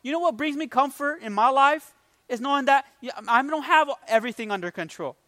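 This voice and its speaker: High-voiced man preaching a sermon. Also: animated, fairly quick, bright, forceful tone, no room sound. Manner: emotional, conversational, rising with emphasis. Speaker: pastor.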